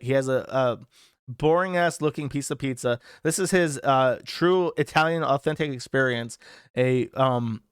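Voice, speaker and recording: A man's voice: medium pitch, clean tone, no room sound, studio quality. A man hosting a commentary show, talking over clips in a crude, sarcastic, profane way.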